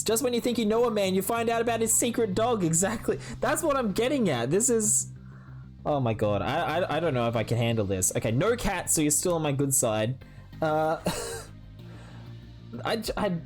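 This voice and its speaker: Low-voiced woman streamer in playful mock outrage. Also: darkish tone. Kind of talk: casual live-stream chat while building.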